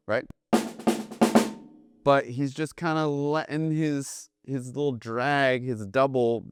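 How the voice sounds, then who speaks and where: A man teaching jazz drumming in a relaxed, explanatory way, often checking in with "right?". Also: mid-range voice. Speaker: drum teacher. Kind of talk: casual instructional talk.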